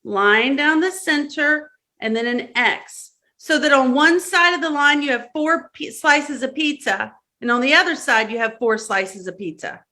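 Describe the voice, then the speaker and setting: A woman's voice: high voice, a little slow, few pauses, sharp tone. A woman with a Southern accent leading a live-streamed workshop, giving step-by-step instructions, repeating key words and checking in often. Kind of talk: instructional talk to a live audience.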